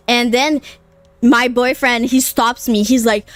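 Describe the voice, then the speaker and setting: A woman in her late twenties talks to her live chat in a slow, slightly high voice. She is blunt and foul-mouthed, and her speech is full of casual fillers. The sound is dry and close, with no room echo. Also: a bit bright, soft background music. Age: late 20s. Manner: blunt and profane, with frequent fillers. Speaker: streamer.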